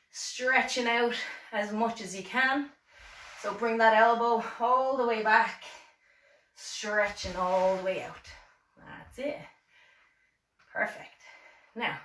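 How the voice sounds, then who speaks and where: A woman's voice: medium pitch, pushed and bright. A woman with an Irish accent leading a seated exercise class, encouraging and counting reps with light self-deprecating asides. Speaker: fitness instructor. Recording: echoey room, voice from far off.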